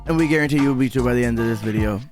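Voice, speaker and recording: A man's voice: medium pitch, racing, music in the background. Laid-back man hosting a reaction podcast. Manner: laid-back, rambling, joking. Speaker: podcast host. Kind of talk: casual reaction commentary.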